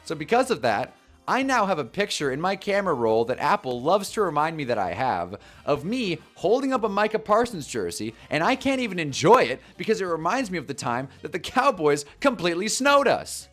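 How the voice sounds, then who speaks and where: Animated young man telling a story. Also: a little high, brisk, soft background music. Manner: animated, chatty, laughs at his own stories. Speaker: host of a football talk live stream. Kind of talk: casual live-stream storytelling.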